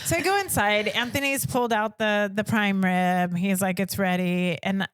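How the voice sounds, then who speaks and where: A woman's voice: mid-range voice, moderate pace, smooth, no room sound. A middle-aged woman co-hosting a podcast, telling a family story in casual chat and acting out what people said. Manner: animated, acts out quotes with voices. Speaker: podcast co-host.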